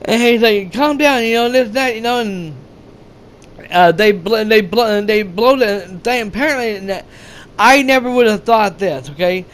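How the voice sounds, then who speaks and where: A man with a high voice recounts a film's plot in a loose, rambling recap. He stumbles through restarts and fillers, swears freely and acts out the characters' lines as he goes. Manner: rambling, halting, many fillers and restarts, profane, acts out quotes. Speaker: movie reviewer. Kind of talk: rambling casual movie recap.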